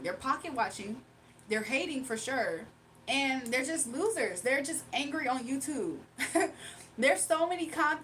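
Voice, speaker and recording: A woman's voice: a little high, a bit bright, a little hiss or hum, poor audio. A woman hosting a livestream with a faint foreign accent, talking back to her chat in a sassy, casual way. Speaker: livestream host.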